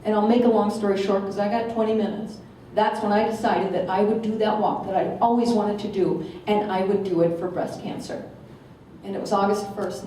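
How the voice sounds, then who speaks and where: A woman in her forties from Minnesota with an American accent. She gives a lively, humorous storytelling speech as a guest speaker and acts out the quotes. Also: mid-range voice, a little hiss or hum. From Minnesota, USA. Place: meeting hall. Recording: echoey hall, distant mic.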